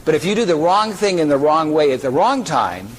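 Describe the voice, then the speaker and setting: A man's voice: fairly high pitch, fairly quick, poor audio. A man giving a conference keynote, joking and bringing audience members up to act out a story. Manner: lively, joking, pulls audience members on stage. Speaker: keynote speaker.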